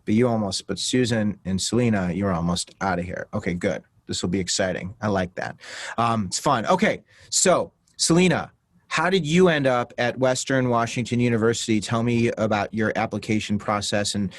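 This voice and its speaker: A man's voice: lowish voice, moderate pace, no echo. A man hosting an interview with students, asking questions with frequent restarts. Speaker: host. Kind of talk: interview conversation.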